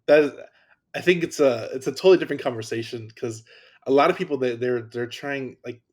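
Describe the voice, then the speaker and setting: A man's voice: mid-range voice, a little fast. A man hosting a podcast, talking enthusiastically and often restarting his sentences in casual conversation. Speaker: podcast host.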